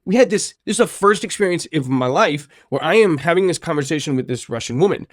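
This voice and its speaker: A man hosting an interview podcast, telling stories in an animated way and acting out the people he quotes. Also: fairly high pitch, fast, few pauses, no room sound, clean studio sound. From United States. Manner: animated storyteller, acts out quoted speech. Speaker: podcast host. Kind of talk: conversational interview.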